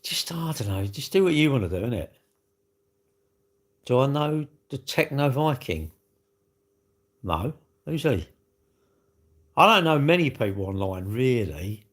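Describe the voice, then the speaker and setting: A British man talks to his viewers on a livestream in a loose, rambling, animated way, full of slang and asides. His voice sits at an ordinary middle pitch. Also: a little slow, long pauses. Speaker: livestreamer answering chat. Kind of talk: casual live-stream chat.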